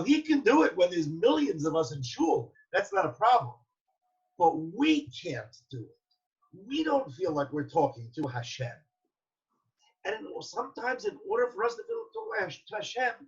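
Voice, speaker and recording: Animated high-voiced preaching man. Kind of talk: religious talk. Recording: dull lo-fi sound.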